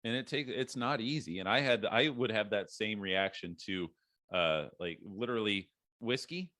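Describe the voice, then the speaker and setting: A man's voice: fairly low pitch, moderate pace, pushed and bright, no room sound, clean studio sound. A man hosting a podcast, talking frankly and supportively in casual conversation. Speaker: podcast host.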